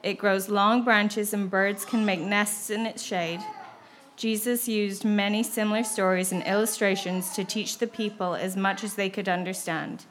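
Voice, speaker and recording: A woman reading a scripture passage aloud in a steady, measured way. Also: mid-range voice, a little hiss or hum.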